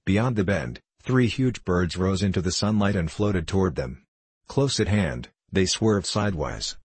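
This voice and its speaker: A man narrating a novel aloud in a measured, unhurried storytelling manner. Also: sits low, lively intonation, breathy edge, no room sound. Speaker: audiobook narrator.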